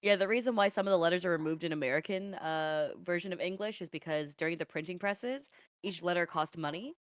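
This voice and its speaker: A woman's voice: on the low side, fast. A woman guest on a casual video-call interview, blunt and teasing, laughing often as she talks.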